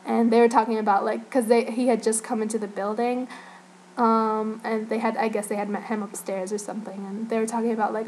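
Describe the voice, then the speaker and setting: A woman's voice: a little high, steady tone, fast talker, darkish tone, slight background noise, low-quality recording. A young woman from Northern Virginia chatting casually as a fan vlogger, rambling and giggling, with lots of "like" and "you know". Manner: rambling, giggly, heavy use of "like". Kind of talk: casual chat.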